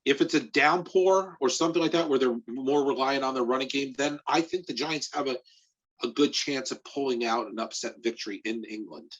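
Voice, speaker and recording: A man who writes about sports talks through his picks on a casual podcast, halting and restarting as he thinks. His voice is husky and mid-pitched. The recording sounds dull and lo-fi. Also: fairly bright tone. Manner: hesitant, halting.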